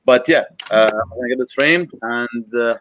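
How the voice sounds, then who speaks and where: A man's voice: mid-range voice, moderate pace, a bit bright, slight background noise, rough recording. A man, a Chelsea fan, rambling and joking in casual football banter with friends.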